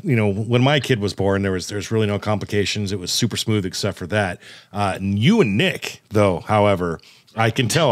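A man's voice: medium pitch, fairly bright tone, no room sound. Easygoing male podcast host, dry sound. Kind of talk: casual podcast chat.

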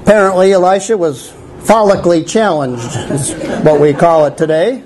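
A male pastor preaching a sermon in a church, animated, with wry asides to the congregation. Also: high voice, normal speed, noisy background.

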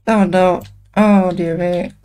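A woman's voice: lowish voice, fairly even intonation, takes it slowly, mellow, smooth. A young woman giving playful, giggly commentary over a video game, talking to its characters as she plays. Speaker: gaming streamer. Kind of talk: casual gameplay commentary.

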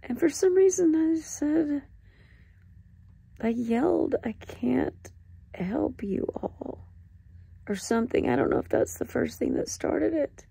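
A woman recording a raw confessional diary clip, halting, upset and close to tears, swearing as she talks. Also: high voice, expressive, creaky, dark tone, in a whisper. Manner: halting, distressed and ashamed, with swearing. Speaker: vlogger.

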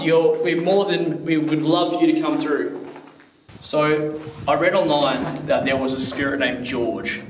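A man's voice: fairly high pitch, steady tone, unhurried. A young man investigating a haunting outdoors, earnestly coaxing and politely questioning unseen spirits. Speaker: paranormal investigator vlogger. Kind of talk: casual ghost-hunt narration and questions to spirits. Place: outdoors at an old stone bridge. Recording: echoey, far from mic, faint noise.

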